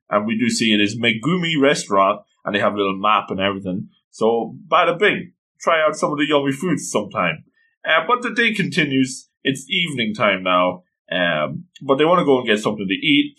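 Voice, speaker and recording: A man recaps an episode in a casual, gushing way and acts out the quotes as he goes. His voice is bright and forward, and his pitch swings widely. His pitch sits in the middle range. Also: expressive, brisk, poor audio. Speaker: anime recap host.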